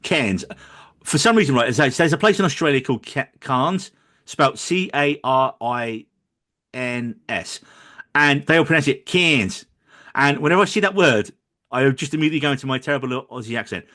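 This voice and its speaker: A man's voice: medium pitch, lively intonation, brisk, pushed and bright. A man co-hosting a podcast, chatting casually about films in a jokey way and tripping over names. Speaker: podcast co-host. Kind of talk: casual film review chat.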